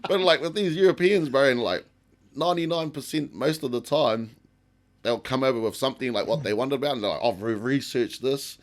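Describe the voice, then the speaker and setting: Talking briskly in a mid-range voice, this New Zealand tattoo artist is a guest on a podcast. The conversation is relaxed: he cusses, laughs a lot, and brings his stories to life as he recounts them.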